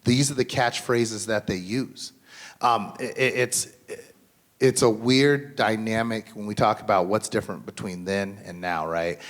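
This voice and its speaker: A man in his thirties or forties speaking on a school mental health panel in a slightly low voice. He talks in an earnest, conversational way, full of "um"s and restarts as he works through his points. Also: fairly even intonation, a little slow. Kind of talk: symposium panel talk. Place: school event.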